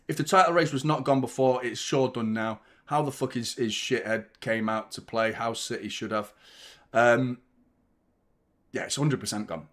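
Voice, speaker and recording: A man's voice: medium pitch, normal speed, a bit bright. A young man hosting a live football watchalong, ranting and swearing constantly in exasperation. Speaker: fan channel host.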